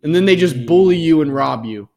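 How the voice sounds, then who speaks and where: Brisk and animated, his fairly high voice has a creaky, darkish tone. He's a podcast co-host from around Dallas, casually shooting the breeze in a profane, easygoing way and dropping "dude" nonstop.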